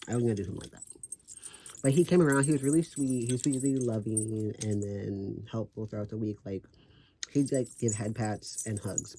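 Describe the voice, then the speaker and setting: A brash, profane vlogger chats to camera with lots of sass and laughter. The words come out thick and slurred from a swollen tongue. The voice sits at a middle pitch over a faint background hiss. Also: mellow. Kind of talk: casual vlog talk.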